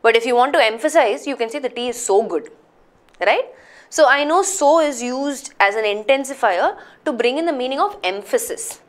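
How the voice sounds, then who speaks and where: A woman's voice: sits high, lively intonation, moderate pace. A woman teaching a live grammar class, explaining patiently and checking that students follow.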